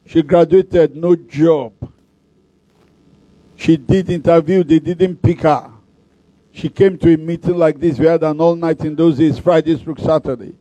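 Nigerian male preacher, high pitch, dry close sound, animated storyteller who declares blessings. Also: measured pace, pauses often, no room sound. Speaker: pastor. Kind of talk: sermon with storytelling.

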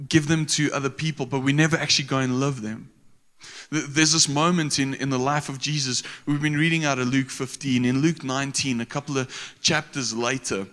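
A man's voice: a little high, a bit bright, big-room sound. A man preaching a sermon in a casual, slangy way, with frequent restarts.

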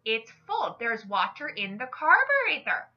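A woman's voice: a little high, wildly swooping pitch, a little slow, dull audio. A woman voicing an insistent Minnesotan wife, her attempted Minnesotan accent drifting Irish. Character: stubborn Minnesotan wife Lena.

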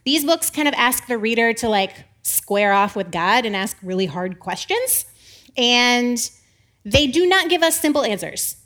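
A woman giving a casual, animated sermon, acting out the biblical figures. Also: a little high, measured pace. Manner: chatty, animated, acts out voices of biblical figures with laughs. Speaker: preacher.

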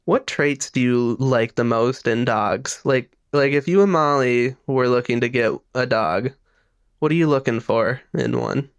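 A man's voice: medium pitch, measured pace, clean tone, no room sound. Podcast host guy asking questions. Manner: laughs often, lots of short backchannels. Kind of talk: casual chat.

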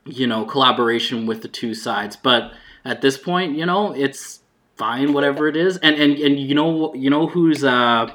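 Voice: mid-range voice, fairly even intonation, normal speed, a bit bright. A podcast co-host in casual chat, laid-back and rambling, with many fillers.

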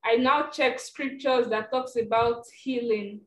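A woman's voice: fairly high pitch, steady tone, a little slow. A woman sharing her faith on a call, rambling, reflective and apologetic as she goes. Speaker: participant. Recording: roomy call with faint hum.

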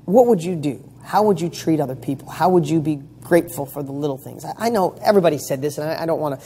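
A man's voice: fairly high pitch, fast talker, dark tone, slight background noise. A man giving a motivational talk as a coach, speaking emphatically, firing off rhetorical questions and swearing casually. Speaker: motivational coach for real estate students.

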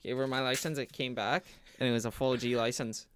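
A young man chatting with friends, teasing them with quick comebacks. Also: medium pitch, steady tone, fairly bright tone, smooth. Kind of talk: casual chat.

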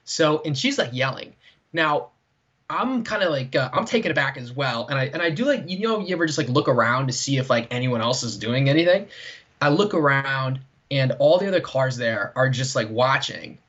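Husky-voiced man telling a long story. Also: medium pitch, expressive, moderate pace, fairly bright tone. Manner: rambling, heavy use of "like" and "right?". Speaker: podcast co-host. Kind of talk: casual storytelling chat. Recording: dull lo-fi sound.

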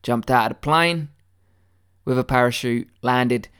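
A man delivering a deadpan satirical conspiracy monologue, mock-earnest and rambling, with stammered restarts and swearing. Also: mid-range voice, measured pace, clean tone.

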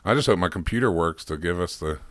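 Low-voiced man reading a word game aloud. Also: expressive, quick pace, fairly bright tone. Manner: laughs at his own readings. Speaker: podcast co-host.

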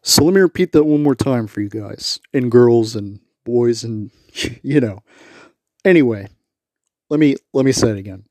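A man's voice: mid-range voice, animated, moderate pace, darkish tone, no room sound, studio quality. A man hosting a solo sports podcast, talking emphatically and repeating his points with lots of "you know" fillers. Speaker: podcast host.

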